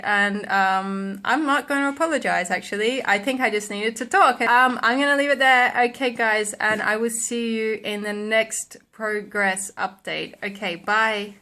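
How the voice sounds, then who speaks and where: A woman's voice: a little high, sharp tone. A young woman telling stories in a casual vlog, rambling with lots of ums and likes and laughing at herself. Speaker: vlogger.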